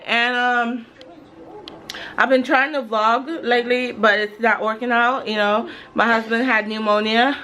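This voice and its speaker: A woman's voice: medium pitch, sharp tone, low-quality recording. A woman in her thirties from Jamaica, chatting casually to camera in a home vlog, rambling and full of "you know"s. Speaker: family vlogger.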